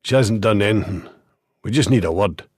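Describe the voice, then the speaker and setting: A man's voice: fairly low pitch, normal speed, darkish tone, breathy edge, no echo, studio quality. A man voicing a terse, wry veteran male police detective in an audiobook. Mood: dry.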